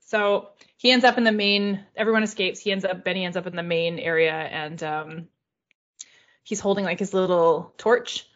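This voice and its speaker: A woman's voice: lowish voice, steady tone, moderate pace, fairly bright tone. Chatty woman recapping, dull recording. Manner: chatty recapping, frequent 'like' and casual swearing. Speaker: podcast host. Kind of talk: casual podcast chat.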